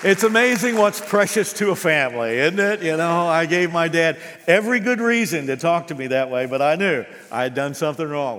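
A man's voice: high-pitched, animated, a little fast, few pauses, fairly bright tone, long reverb tail. A man preaching a sermon as pastor, acting out quoted voices with animation.

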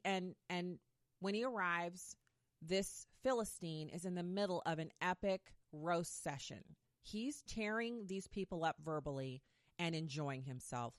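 Woman telling a bible story all chill and jokey, lowish voice, dry close sound. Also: dry recording. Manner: playful, with modern slang asides. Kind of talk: casual Bible retelling.

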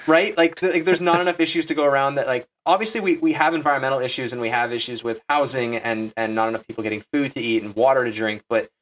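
Wry easygoing podcast co-host. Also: male voice, medium pitch, steady tone, fast talker, hardly any pauses, a bit bright. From Canada. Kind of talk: casual chat.

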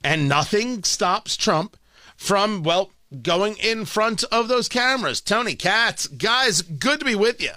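Male talk radio host, high lively voice, bright and tense tone, dry close studio sound, sarcastic asides. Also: slow pace, no room sound. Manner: animated, excitable, sarcastic asides. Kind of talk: political talk radio monologue.

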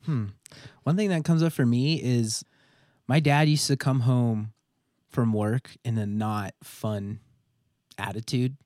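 A man with a mid-range voice reflects calmly on his upbringing in a podcast chat and uses casual slang. The recording is dry and close. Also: medium pitch, slow, dry recording.

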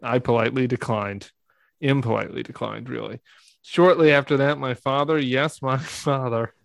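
A man guest doing a comedic, deadpan reading of a parody memoir, breaking into laughter now and then. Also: mid-range voice, normal speed, creaky, dry recording. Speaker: podcast guest.

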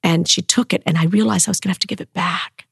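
Expressive storyteller woman with a gravelly edge. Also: on the low side, quick pace, no room sound, clean studio sound. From American South. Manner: expressive, acts out quoted voices, drops to whispers. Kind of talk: personal storytelling in conversation.

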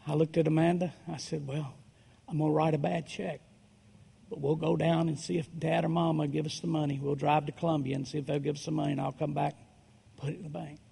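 A man preaching a story-driven sermon, dropping to a hush and then rising to loud, dramatic swells. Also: a little high, level tone, brisk, vocal fry, breathy edge. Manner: dramatic, swings from hushed to shouting.

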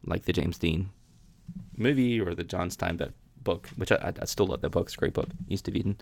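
A man with a low, gravelly voice speaks briskly as he hosts a podcast. He reads scripture aloud and then discusses it casually, restarting many times.

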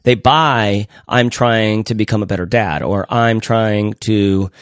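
A man's voice: on the low side, slow pace, smooth, no echo, clean studio sound. A man co-hosting a casual podcast, rambling with lots of restarts and frequent laughs. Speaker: podcast co-host.

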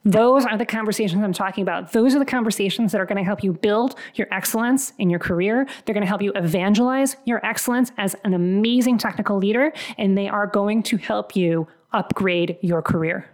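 An earnest woman hosting a career-coaching podcast, speaking in an emphatic, motivational way. Her voice sits at a middle pitch, and she often acts out quick lines of dialogue. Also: a little mellow.

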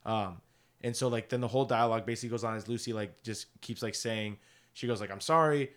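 A man with a fairly low voice talks through a book in casual conversation. He rambles a little, leaning on fillers as he retells scenes. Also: steady tone, quick pace. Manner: chatty, many "like" fillers, paraphrasing scenes.

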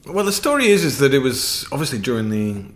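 A man, a podcast guest, telling anecdotes in animated fashion and laughing mid-sentence. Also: mid-range voice, fast talker, a little hiss or hum. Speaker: podcast guest, political campaigner. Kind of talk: casual interview anecdotes.

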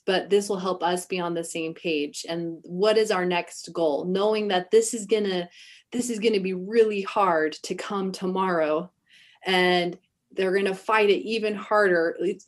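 A woman hosting a casual podcast conversation, supportive and quick to agree. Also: mid-range voice. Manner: supportive, lots of agreeing backchannels. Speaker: podcast host.

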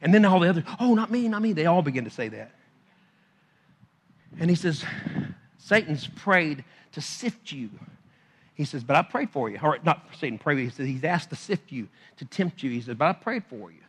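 A man preaching a sermon, moving between hushed, low passages and loud, urgent exhortation, and acting out scripture in everyday paraphrase. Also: sing-song, moderate pace, breathy edge. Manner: acts out scripture quotes in conversational paraphrase.

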